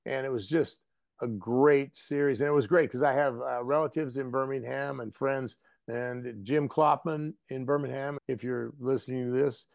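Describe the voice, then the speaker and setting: Gravelly-voiced man telling stories. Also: mid-range voice, normal speed, no room sound. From American Midwest. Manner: animated, anecdotal, drops into acted voices. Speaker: actor and guest. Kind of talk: casual interview storytelling.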